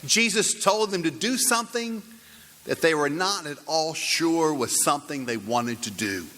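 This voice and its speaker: A man delivering a sermon in a church, his bright, fairly high voice carrying a long reverb through the hall. He speaks slowly and deliberately, shaping each phrase like a storyteller. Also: animated. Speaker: pastor.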